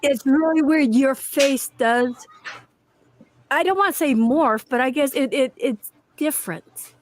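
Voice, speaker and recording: A woman's voice: sits high, a little slow. A woman hosting a casual livestream interview over a video call, chatty, with frequent stumbles and restarts. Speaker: livestream host.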